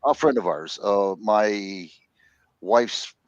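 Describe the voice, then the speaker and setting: An older man in his sixties tells rambling stories and cracks jokes in a casual group chat. His voice sits low and sounds dry and close, picked up on a phone. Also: slow, no room sound, dull audio. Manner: joking, rambling storyteller. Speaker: host.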